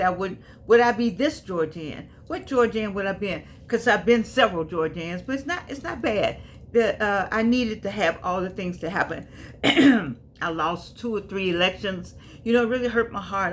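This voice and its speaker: A woman's voice: mid-range voice, slight background noise. A woman in her seventies telling her own life story to viewers, emphatic, repeating phrases and calling them honey and baby. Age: 70s. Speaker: vlogger. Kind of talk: personal storytelling to camera.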